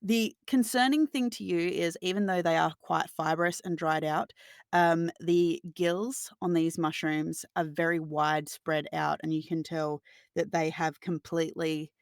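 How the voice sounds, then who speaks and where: A woman running a tabletop game, describing scenes at length with many pauses and filler sounds. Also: low voice, fairly even intonation, vocal fry, no room sound, clean studio sound. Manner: detailed, meandering descriptions full of filler sounds. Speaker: game master.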